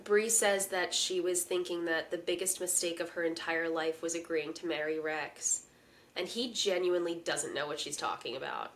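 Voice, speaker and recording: A young woman co-hosting a podcast, chatting casually and retelling scenes in a drawn-out, descriptive way. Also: on the low side, fairly even intonation, a bit bright. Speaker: podcast co-host. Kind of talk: casual chat recapping a TV episode.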